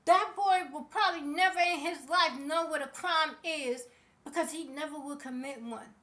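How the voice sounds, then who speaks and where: Very high-voiced sassy woman ranting. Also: normal speed, fairly bright tone. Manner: passionate, sassy, speaks straight to people. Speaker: vlogger. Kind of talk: ranting celebrity commentary.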